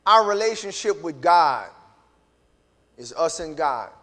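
A male preacher, his voice high and bright. He moves from quiet, low asides to shouted peaks. Along the way he acts out scripture dialogue in different voices. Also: sing-song, takes it slowly. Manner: acts out dialogue between God and Hosea in character. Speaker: pastor. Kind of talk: sermon.

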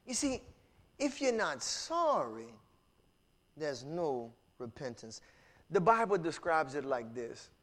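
Animated high-voiced preacher man. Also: slow. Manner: animated preaching, rising to shouts and dropping low. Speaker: pastor. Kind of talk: sermon.

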